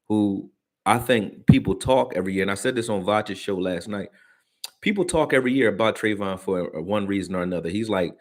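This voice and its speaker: A man with a low voice hosts a casual sports reaction stream. He talks in loose, slangy, conversational runs and answers his viewers between his own points. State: hiccups. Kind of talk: casual live-stream commentary.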